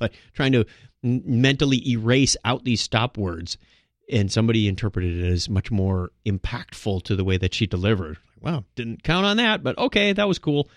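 A man's voice: mid-range voice, dry recording, clean studio sound. A man hosting a solo podcast, talking casually and rambling, with frequent restarts. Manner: rambling, with many restarts and filler words. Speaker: podcast host.

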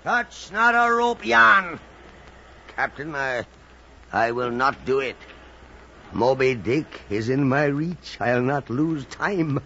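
A gravelly, obsessed old sea captain. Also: male voice, medium pitch, expressive, slow, pushed and bright, slight background noise, full character voice. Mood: grim. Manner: grandiose, archaic speech. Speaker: whaling captain. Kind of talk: radio drama acting. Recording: dull lo-fi radio recording.

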